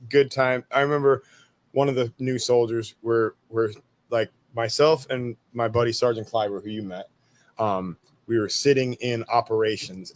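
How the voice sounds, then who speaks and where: A man in his thirties, an army veteran guest, telling stories in a laid-back way, swearing freely and laughing at his own jokes. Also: medium pitch. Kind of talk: casual storytelling interview.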